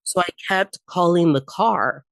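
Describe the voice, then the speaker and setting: A woman's voice: fairly low pitch, a little slow, creaky, dry recording. A young adult woman on a podcast, telling personal stories candidly with frequent laughter and the odd swear. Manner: candid storytelling, laughs often, swears freely. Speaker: podcast guest. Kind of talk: casual chat.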